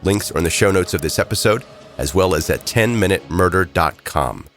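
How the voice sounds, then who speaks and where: A man's voice: low voice, expressive, fairly quick, fairly bright tone, soft background music. A man hosting a true crime podcast, narrating a scripted story with wry, joking asides while he has a head cold. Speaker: podcast host.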